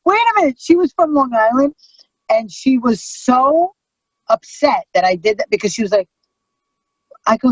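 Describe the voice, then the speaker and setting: A middle-aged woman comedian, telling stories in a brash, profane, animated way. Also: a little high, normal speed, long pauses, breathy edge, no echo, muffled recording. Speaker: comedian guest. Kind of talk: casual storytelling chat.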